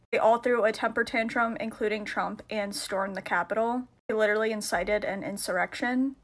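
A woman's voice: on the high side, fairly bright tone. A woman giving video commentary in an exasperated, dismissive tone, with frequent ums.

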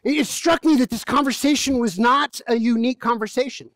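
A pastor, a man with a voice pitched high for his sex, gives his church sermon briskly as humorous, laid-back storytelling. The audio is close and dry, carrying little echo from the room.

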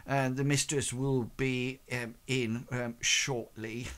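A man voicing a quiet, deferential butler who speaks formally and hesitantly. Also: mid-range voice, little pitch movement, slow.

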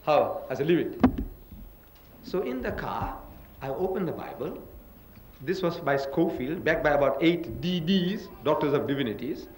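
A man's voice: a little high, very animated, moderate pace, slight background noise, low-quality recording. An older man giving a public religious lecture, emphatic and full of rhetorical questions. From South Africa.

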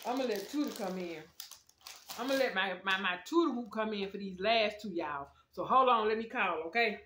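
A woman's voice: medium pitch, lively intonation, moderate pace, pauses often, noisy background. A woman casually reviewing snacks at home, chatting straight to her viewers with lots of slang. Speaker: food review vlogger. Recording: echoey room.

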